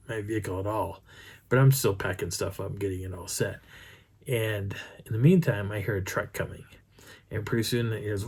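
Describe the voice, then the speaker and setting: Middle-aged man, lowish husky voice, rambling campfire-style storyteller, restarts often. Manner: rambling, animated retelling with many restarts. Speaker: Bigfoot researcher telling a field story. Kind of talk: casual first-person storytelling.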